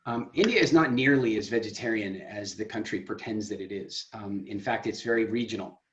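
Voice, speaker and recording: A man hosting a group video call, coaching in an emphatic, teasing way that swings from loud to soft. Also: fairly low pitch, a little fast. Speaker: program founder and call host. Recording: echoey room, dull lo-fi sound.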